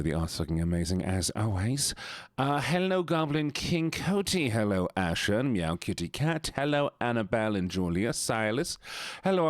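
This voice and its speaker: A playful male streamer with a fairly low voice, teasing his chat and running through greetings by name. The sound is dry and close, with no room around it. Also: no room sound. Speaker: livestreamer. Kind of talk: casual stream chat with viewers.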